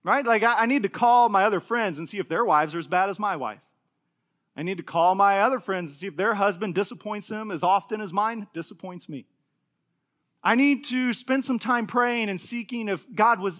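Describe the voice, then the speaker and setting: A man in his thirties preaching a sermon, animated and acting out the quoted voices in his stories. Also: high voice, moderate pace. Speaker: pastor.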